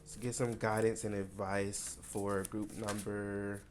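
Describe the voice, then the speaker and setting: A man's voice: on the low side, flat delivery, slow pace, a little mellow, slight background noise. A man from Tennessee, giving a casual, rambling tarot card reading. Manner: rambling and conversational, many fillers. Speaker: tarot reader.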